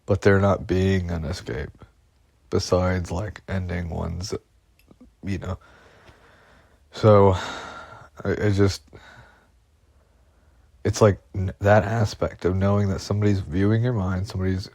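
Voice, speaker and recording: A man's voice: deep voice, steady tone, measured pace, creaky, long pauses, darkish tone, no room sound. A man rambling anxiously into a phone voice memo, swearing and repeating himself as he goes. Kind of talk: rambling personal monologue.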